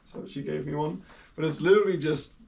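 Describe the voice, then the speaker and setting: A man's voice: on the high side, steady tone, fairly quick, creaky, darkish tone. A young man, a native Dutch speaker, chatting casually and laughing often as he streams from home while sorting a collection. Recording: distant mic with faint hiss.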